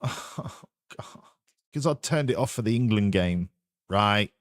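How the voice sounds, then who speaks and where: A man's voice: lowish voice, animated, unhurried, no echo, studio quality. A man live streaming, chatting with his viewers and teasing them in a joking way. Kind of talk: casual stream chat with viewers.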